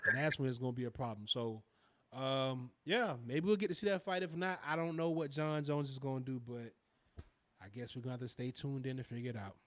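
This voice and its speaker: An adult father co-hosting a podcast chats casually about fighting and family in a laid-back, slangy style full of extended metaphors. His mid-range voice moves fairly quickly, with a slight hiss or hum in the recording.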